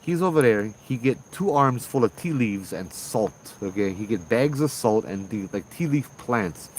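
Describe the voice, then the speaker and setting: A man with a Hawaii local accent tells a ghost story in a relaxed, casual way, his voice sitting fairly low. He is animated and slips into the voices of the people in the tale. Crickets chirp faintly behind him. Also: normal speed, a little hiss or hum, poor audio. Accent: Hawaii local English. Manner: animated, acts out voices in dialogue. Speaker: ghost tour guide and storyteller.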